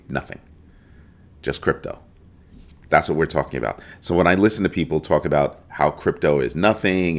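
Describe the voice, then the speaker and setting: In this live-stream commentary, a crypto show host with a very deep, gravelly voice greets people in the chat. He addresses his viewers with plenty of emphasis and animation.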